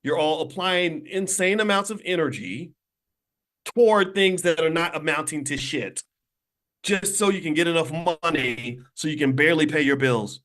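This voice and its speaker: Emphatic higher-voiced man preaching to viewers. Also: normal speed, a bit bright. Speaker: financial commentator and channel host. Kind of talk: livestream talk to viewers. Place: hotel room. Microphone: phone.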